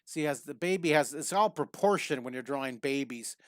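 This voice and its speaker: A man's voice: medium pitch, lively intonation, fairly quick, no room sound, studio quality. A man hosting a live drawing lesson, talking in an upbeat, encouraging way and often repeating reassuring catchphrases. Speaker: drawing teacher and host.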